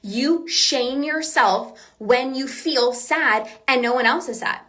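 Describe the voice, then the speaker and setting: A binge eating coach talks slowly on her motivational podcast in a high, pushed, bright voice. She sounds earnest and reassuring, repeats the main points, and performs bits of quoted self-talk.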